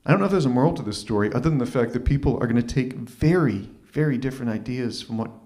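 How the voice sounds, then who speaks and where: A man's voice: mid-range voice, animated, fast talker, darkish tone. A man performing a live open mic story, wry and self-deprecating, with stumbling restarts, into a stage microphone. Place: small arts venue stage.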